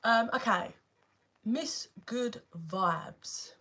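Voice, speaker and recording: This young tarot reader with a London accent streams live from her phone, her voice high, expressive and sharp but extremely slow. Her manner is casual, with occasional swearing and viewers greeted by name.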